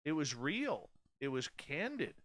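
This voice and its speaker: Man in his 40s, radio host, blunt and candid, unhurried delivery, bright dry voice. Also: on the high side, big pitch swings, dry recording. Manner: blunt, candid and profane, with many restarts. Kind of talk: casual late-night radio monologue.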